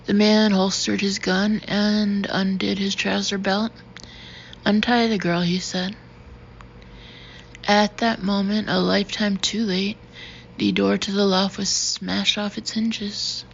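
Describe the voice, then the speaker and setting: Gravelly woman narrating an audiobook. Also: mid-range voice, flat delivery, a little slow. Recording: dull, slightly noisy recording.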